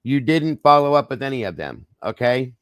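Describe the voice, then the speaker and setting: On a true crime livestream, a man with a medium, fairly bright voice that swings widely in pitch reads reports and talks casually to his audience at normal speed. Frequent "okays," apologies and "guys" mark his speech, and his voice is strained as he tries not to lose it. The streaming mic gives clean, dry studio sound.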